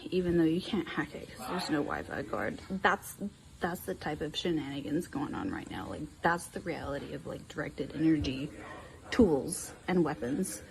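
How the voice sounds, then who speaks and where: Woman, casual talk, urgent and repetitive delivery, lowish voice. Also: lively intonation, normal speed, creaky, a crowd in the background. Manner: urgent, repeats herself, many fillers. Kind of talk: casual chat.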